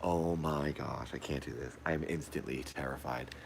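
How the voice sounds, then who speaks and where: A man livestreaming a horror game from a dark room at home, jumpy and easily frightened, repeating his exclamations over and over while recording on a phone. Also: very deep voice, steady tone, normal speed, vocal fry, slight background noise. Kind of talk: live gameplay commentary. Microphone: phone pointed at the TV.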